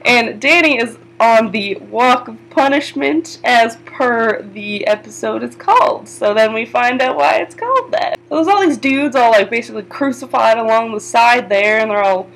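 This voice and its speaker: A young woman recapping a TV episode in a casual vlog. She chats loosely, swears freely, says "like" a lot and breaks into excited exclamations. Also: fairly high pitch, normal speed, gravelly, few pauses, low-quality recording. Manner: chatty, swearing, frequent "like", sudden excited exclamations. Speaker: TV episode reviewer.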